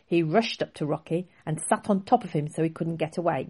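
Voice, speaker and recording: Low-voiced woman reading a children's storybook. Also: brisk, warm tone, breathy edge. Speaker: author reading her own book.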